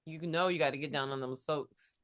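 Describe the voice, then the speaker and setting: An herbalist co-host talking casually with a playful, enthusiastic manner. The voice sits at a middle pitch and laughs come readily. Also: steady tone, a little fast, fairly bright tone. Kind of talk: casual chat.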